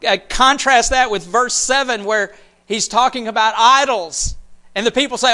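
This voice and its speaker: A man preaching a sermon, animated, repeating phrases and dropping almost to a whisper for emphasis. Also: extremely high pitch, normal speed. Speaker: pastor.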